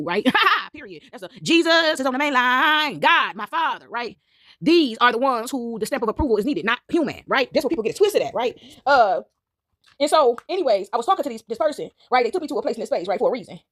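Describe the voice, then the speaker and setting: A woman with a high, expressive voice talks rapid-fire in a casual vlog monologue to her viewers. She's emphatic and repetitive, and keeps checking in with "right?".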